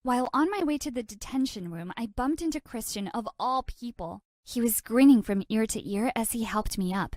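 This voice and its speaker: A woman tells an animated storytime with sassy, dramatic flair and plenty of exclamations. Her voice sits fairly high. The recording is dry and close, with no room sound. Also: moderate pace, hardly any pauses, no room sound.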